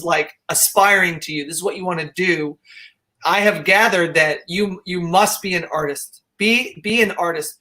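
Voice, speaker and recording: A man's voice: sits high, bright, forceful tone, rough recording. A man hosting a live panel interview over a video call, asking rambling, enthusiastic questions. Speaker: host.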